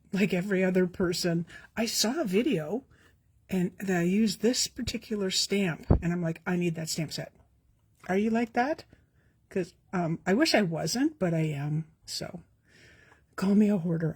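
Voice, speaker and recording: An older Canadian woman with a lowish, darkish, slightly rough voice chats with viewers on a live stream. She demonstrates a craft in a casual tutorial, friendly and self-deprecating throughout.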